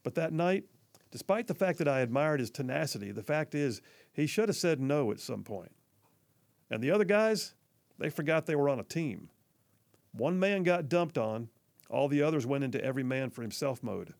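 Gravelly, folksy male talk show host. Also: fairly high pitch, animated, normal speed, a little mellow, no room sound. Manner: folksy, earnest, addresses listeners directly. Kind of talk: storytelling monologue.

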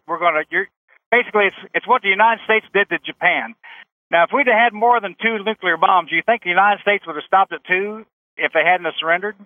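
A man's voice: high-pitched, no echo. A man calling in to a radio talk show, blunt and opinionated, heard over a phone line. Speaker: caller.

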